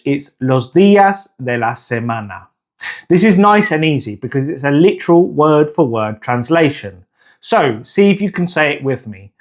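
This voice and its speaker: Slow, lively-voiced man teaching a lesson. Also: mid-range voice. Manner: slow, patient, repeats words for the listener to echo; encouraging. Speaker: Spanish teacher. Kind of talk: beginner language lesson.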